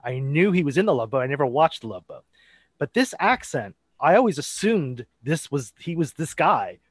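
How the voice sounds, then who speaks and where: A man co-hosting a podcast in casual chat, enthusiastic and quick to laugh. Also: fairly high pitch, sing-song, slightly rough, no room sound. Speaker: podcast co-host.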